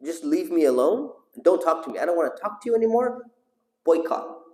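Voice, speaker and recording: A man's voice: medium pitch, fast, dark tone, close to an everyday voice. A man voicing a stern, angry father who threatens and dismisses his son, in an echoey hall. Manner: harsh, dismissive.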